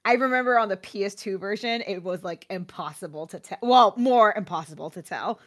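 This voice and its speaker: A woman's voice: medium pitch, fairly quick. A woman co-hosting a casual podcast about a video game, laid-back and chuckling. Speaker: podcast co-host.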